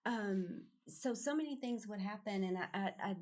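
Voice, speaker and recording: A woman's voice: medium pitch, normal speed, a little mellow. Earnest woman telling her story. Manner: earnest, storytelling with quoted voices. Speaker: podcast guest. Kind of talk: casual conversation.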